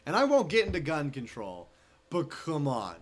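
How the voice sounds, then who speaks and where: A man's voice: on the high side, wildly swooping pitch, normal speed. A man hosting a casual podcast, chatting at a table with a co-host in a teasing, wry way. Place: small room at a table.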